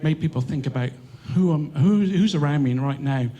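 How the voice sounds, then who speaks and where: A man with an Australian accent giving a speech at an event as a charity co-founder, lively and laughing as he acts out quotes. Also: a little high, normal speed, highs cut off. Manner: lively storyteller, acting out quotes with excited laughter. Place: event hall.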